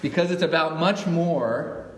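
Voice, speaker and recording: A man's voice: fairly high pitch, animated, normal speed. A middle-aged man preaching a sermon to his congregation, talking conversationally and often asking them questions. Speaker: pastor. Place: church sanctuary. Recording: echoey hall, mic at a distance.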